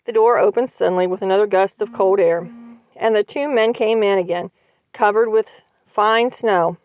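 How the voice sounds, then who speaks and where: A woman narrating a short story aloud for a library series, with a measured, expressive reading style. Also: mid-range voice, clean tone.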